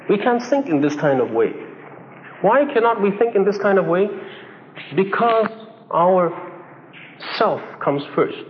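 A man preaching a sermon in a conversational way, acting out little dialogues and chuckling as he goes. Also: sits high. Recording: dull echoey hall recording with faint hiss.

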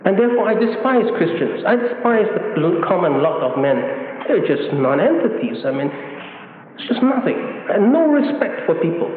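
A man preaching a sermon, full of rhetorical questions, swinging between loud challenges and hushed reverence. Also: sits high, sing-song, fairly quick. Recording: echoey hall, phone-like band, faint hiss.

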